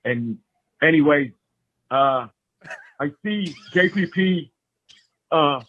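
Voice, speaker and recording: A man doing a prank voicemail impression of a rambling older male politician, halting and full of "uh" fillers. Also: on the high side, expressive, fairly bright tone, no echo, full character voice. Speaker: caller. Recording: tinny phone voicemail.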